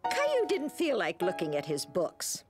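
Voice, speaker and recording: A woman's voice: lowish voice, wildly swooping pitch, normal speed. Woman narrating a preschool cartoon. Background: children's music.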